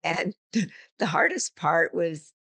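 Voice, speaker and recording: Speaking slowly but very animatedly, an older woman with a fairly low, gravelly voice tells stories peppered with vivid analogies. Her tone is a bit bright and slightly rough. She's a business coach and author, chatting casually as an interview guest.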